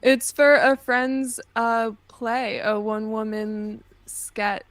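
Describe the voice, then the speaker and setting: Unhurried woman with dry jokes. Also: fairly high pitch, steady tone, crowd noise. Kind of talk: casual chat.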